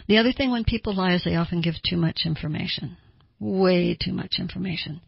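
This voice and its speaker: Middle-aged woman therapist, husky and lower-pitched, teaching in a dry room on a dull lo-fi recording. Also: no echo. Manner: conversational, acts out quoted people. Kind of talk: teaching talk. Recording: dull lo-fi sound.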